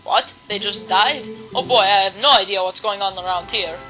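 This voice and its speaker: A woman's voice: medium pitch, normal speed, poor audio. Chatty woman commenting on a game. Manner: chatty, jokey, self-mocking. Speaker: let's play commentator. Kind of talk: casual gameplay commentary. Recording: loud game music behind.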